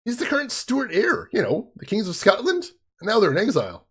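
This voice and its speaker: A man's voice: high-pitched, a little fast, husky, voice pushed up, heavily acted. A man reading an eager young woman assistant. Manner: excited, chatty.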